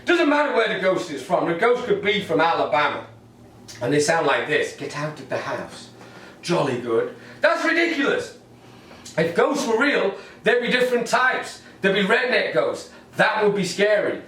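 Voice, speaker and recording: A man's voice: high-pitched, big pitch swings, normal speed, a bit bright. A middle-aged man with an English accent, doing a rambling, wry stand-up set in his living room to a camera. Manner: wry, rambling observational delivery. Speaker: stand-up comedian. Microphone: camera mic set far off. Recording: echoey room, distant mic.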